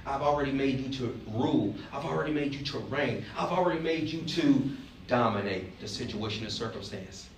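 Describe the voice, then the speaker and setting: A man's voice: mid-range voice, animated, brisk, slight background noise. A man from Alabama, preaching a sermon as pastor, emphatic and joking, asking the congregation questions. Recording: roomy, distant mic, faint ambience.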